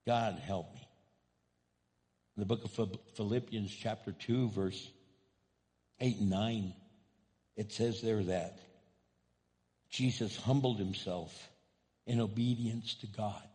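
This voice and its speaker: A man in his fifties preaching a sermon as pastor. His delivery is impassioned, and his voice rises to loud, high cries. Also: slow pace, long pauses. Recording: long hall reverb.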